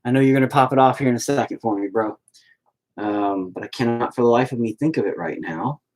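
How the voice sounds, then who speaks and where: A man's voice: mid-range voice, a little fast, a little mellow. A man hosting a live stream, chatting casually and rambling, with heavy swearing. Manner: profane, rambling.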